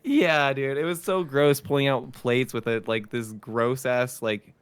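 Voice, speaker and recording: A man's voice: medium pitch, steady tone, measured pace, clear, resonant tone, no echo. A young man in casual chat, laid-back and swearing heavily as he complains about an old job, calling his friend dude.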